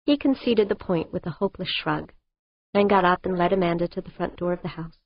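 A woman narrating an audiobook in a measured, even storytelling manner, on a dull, dry recording. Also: on the low side, no room sound. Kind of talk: scripted narration.

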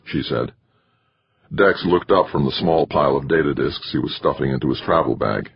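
An audiobook narrator with a very husky, deep male voice reads scripted narration expressively at a moderate pace. The recording is dry, dull, and lo-fi.

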